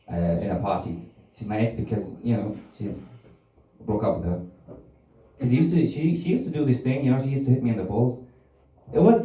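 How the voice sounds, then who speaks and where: A man's voice: medium pitch, warm tone. A man doing a crude, rambling stand-up comedy set and laughing at his own jokes. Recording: roomy, from a distance.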